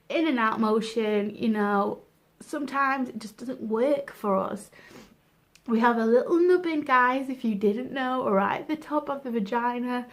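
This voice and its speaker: A candid woman in a relaxed home vlog, chatting straight to her viewers about personal topics. Her voice sits a little on the high side, and her talk is loose and conversational, full of small fillers. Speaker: vlogger. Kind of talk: frank casual advice chat. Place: room at home with windows open.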